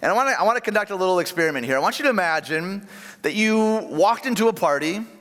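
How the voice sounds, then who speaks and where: A pastor preaches with a lively, swinging delivery in a slightly high voice, sinking low and quiet to land his key phrases. His words ring out with a long reverb from a large church hall. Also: quick pace. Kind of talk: sermon.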